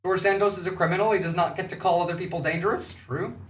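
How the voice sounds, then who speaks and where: A man's voice: high voice, fairly even intonation, rapid-fire. An Australian man talks loosely and off the cuff, cursing freely and stumbling over fillers as he reacts to clips. He sits well back from the microphone in a room that echoes. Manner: casual, profane, filler-heavy. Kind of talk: casual live commentary. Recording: distant mic in an echoey room.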